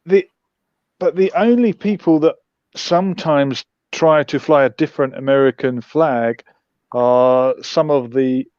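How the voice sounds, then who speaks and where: A man's voice: mid-range voice, a little slow, darkish tone, dry recording, lo-fi sound. A man hosting a livestream, musing with wry, sarcastic commentary. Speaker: host.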